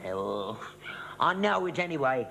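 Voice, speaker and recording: A man's voice: medium pitch, sing-song, a little slow, bright, forceful tone, slight background noise, heavily acted, low-quality recording. An actor playing a stubborn, cheeky older father with a London working-class accent, smug and mocking. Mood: indignant. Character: cheeky old Tory-loving father, stubborn. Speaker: sitcom actor. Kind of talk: studio sitcom acting.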